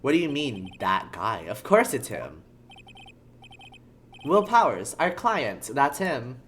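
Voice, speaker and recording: A streamer voicing a confident young defense lawyer in a near-natural voice. The delivery is plain and matter-of-fact, unhurried, with lively pitch. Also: a little hiss or hum. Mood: reassuring.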